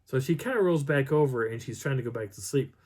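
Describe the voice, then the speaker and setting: A man with a husky, slightly breathy voice tells a personal story in a casual, animated way. His pitch moves a lot, rising and falling as he builds the scene. He stops to act out the sounds and voices himself. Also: fast talker. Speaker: channel host.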